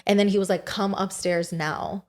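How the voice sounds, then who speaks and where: A young woman telling a frightening personal story as a podcast guest. She talks fast and breathlessly in a middle-pitched voice and swears freely. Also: fairly even intonation, a little mellow.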